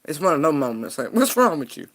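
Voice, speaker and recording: Blunt, bright-voiced woman tarot reader. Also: low-pitched, very animated, fast talker. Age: adult parent. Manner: blunt and frank, laughing often. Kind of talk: casual tarot reading commentary.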